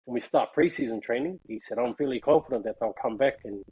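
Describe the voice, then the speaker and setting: Laughing, husky New man. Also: medium pitch, quick pace, darkish tone, lo-fi sound. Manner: laughing, slangy, peppers speech with "bro". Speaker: guest. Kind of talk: casual storytelling chat.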